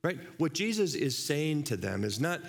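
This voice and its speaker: A man preaching in a church, his voice sitting a little higher than most men's. He talks conversationally and keeps checking in with the congregation through rhetorical questions. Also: sing-song, normal speed, creaky. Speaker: pastor. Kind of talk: sermon.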